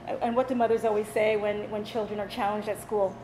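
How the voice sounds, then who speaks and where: A woman hosting a talk show, telling animated stories straight to a live studio audience. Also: medium pitch, fast talker. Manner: animated, chatty, addresses the audience. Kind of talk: storytelling monologue to a studio audience. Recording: echoey studio with audience noise.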